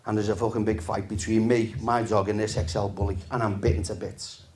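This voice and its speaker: A man, doing a stand-up comedy set in a relaxed, deadpan, sweary storytelling manner to a live audience. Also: fairly low pitch, brisk, slight background noise. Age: 50s.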